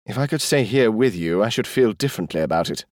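A dry, patient diplomat of fifty-five, worn by his young cousin's whims, as a narrator voices him. Low voice with lively inflection, recorded close and dry. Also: quick pace, no echo, lightly acted. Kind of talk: audiobook character voice.

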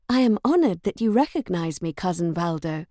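Woman voicing a proud young governess, cool and guarded, demure, lively pitch, dry sound. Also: moderate pace, no echo.

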